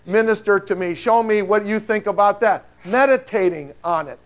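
A middle-aged male pastor preaching a sermon in an animated, conversational way, full of rhetorical questions. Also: high-pitched, moderate pace.

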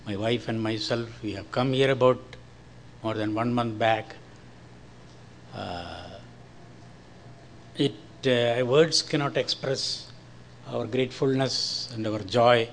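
An older man from India with a Malayalam-influenced Indian accent, giving a slow, careful church testimony. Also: mid-range voice, slight background noise. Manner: slow, careful, friendly with short laughs. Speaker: guest speaker giving testimony.

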